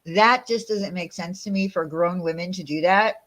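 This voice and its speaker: A woman's voice: fairly low pitch, normal speed, fairly bright tone. A woman hosting a casual livestream chat, talking in a heated, profane and rambling way. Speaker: channel host.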